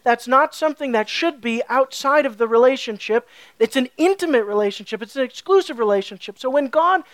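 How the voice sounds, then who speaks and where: A pastor preaching a sermon emphatically, asking the listeners rhetorical questions and swinging between hushed and forceful delivery. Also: high-pitched, animated, a little fast, no room sound.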